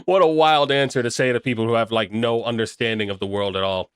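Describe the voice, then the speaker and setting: A man's voice: fairly low pitch, fairly even intonation, fast, clear, resonant tone, no room sound, clean studio sound. A young man chatting casually on a live stream, rambling and making crude jokes while reacting to chat. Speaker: livestreamer reading chat.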